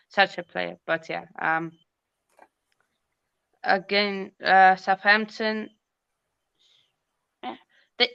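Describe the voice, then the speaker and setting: A woman giving her take as a guest in a casual football review, hesitant with many pauses and restarts. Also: lowish voice, gravelly, a bit bright, clean tone, dull audio. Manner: hesitant, many ums and restarts, occasional laughs. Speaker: co-host guest.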